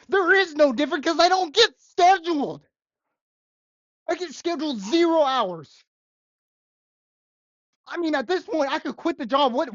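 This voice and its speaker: A woman's voice: high voice, no echo. Exasperated young woman ranting, dull lo-fi sound. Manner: exasperated, sarcastic ranting with repeated phrases. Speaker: restaurant busser. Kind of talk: ranting vlog monologue. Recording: dull, lo-fi and dry.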